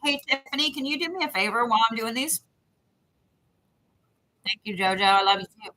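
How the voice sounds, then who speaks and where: A woman's voice: a little high, lively intonation, brisk, bright, forceful tone, low-quality recording. A woman giving intuitive readings to viewers on a live stream, talking in a rambling, repetitive, chatty way. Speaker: psychic reader.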